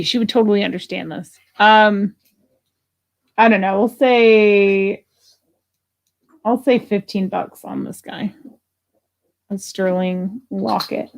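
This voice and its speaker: A woman's voice: medium pitch, gravelly. A woman hosting a live jewelry sale, chatting casually and thinking aloud as she prices pieces, with the odd grumble. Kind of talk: casual live selling chat.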